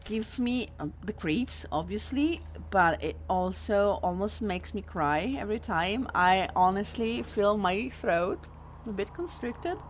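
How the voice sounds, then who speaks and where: A woman's voice: mid-range voice, a little slow, hardly any pauses, slight background noise. A young woman with an Italian accent, host of a let's play, commenting on a game in an emotional, rambling way and swearing. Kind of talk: casual gameplay commentary.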